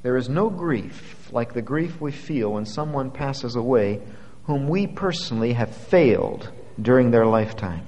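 A man's voice: lively intonation, measured pace. Man preaching a sermon in a reverberant hall. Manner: dramatic swings from quiet to loud, climbing pitch when quoting scripture.

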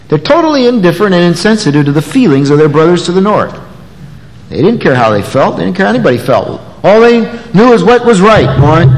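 A man preaching an expository sermon, animated, acting out the voices of the people in the passage. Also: fairly high pitch, fast. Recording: long echoey hall reverb.

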